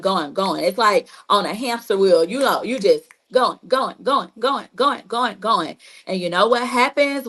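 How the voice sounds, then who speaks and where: A woman's voice: medium pitch, fairly bright tone, rough recording. A woman therapist giving a casual, repetitive teaching talk on trauma healing, speaking straight to listeners and leaning on "you know" and "like". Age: adult with a child.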